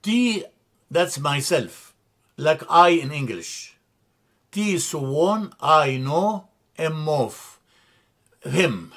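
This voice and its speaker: Male language teacher with a fairly high voice. He is unhurried, spells out letters one at a time and often stops to correct himself. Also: lively intonation, a bit bright. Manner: slow, methodical, spells out letters and repeats words; frequent hesitations and self-corrections. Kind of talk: classroom grammar lesson.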